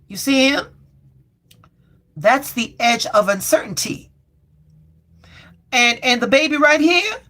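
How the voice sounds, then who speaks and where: Woman tarot host, folksy and chatty with viewers, slows down to repeat affirmations. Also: high-pitched, sharp tone. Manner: folksy and colloquial, calls viewers baby and y'all; reads affirmations slowly and repeats them. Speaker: tarot reader hosting a live stream. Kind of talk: live-stream tarot reading.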